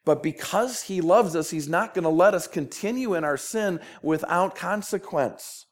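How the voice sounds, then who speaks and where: Pastor with a Minnesota accent, earnest sermon delivery, stumbles and repeats as he pleads; voice sits a bit high. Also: moderate pace.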